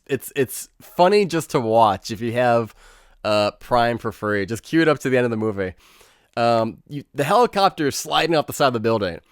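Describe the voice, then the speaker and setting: A man rants through a movie review in a loose, profane, sarcastic way, mocking scenes with quoted reactions. His voice is smooth and clear, at an average pitch. The sound is dry and close, with no room around it. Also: no room sound. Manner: animated, sarcastic, swears freely, mocks scenes in put-on quotes.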